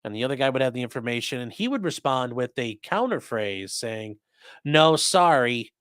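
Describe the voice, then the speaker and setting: In a clean studio recording with no room sound, a male host with a mid-range, very animated voice speaks a little fast on a casual commentary show. He swears freely and performs quoted lines in shifting voices.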